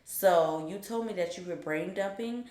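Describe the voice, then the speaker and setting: A young woman quoting a stern female dean in a calm, firm, formal way, a little quieter than her own voice. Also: a little high, fairly quick, echoey room, natural voice.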